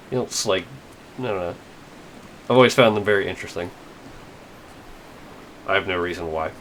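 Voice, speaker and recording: A man's voice: fairly low pitch, fairly bright tone, a little hiss or hum, rough recording. A young man giving casual, rambling gameplay commentary, wry and full of fillers and swearing. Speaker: let's play gamer. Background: faint game music.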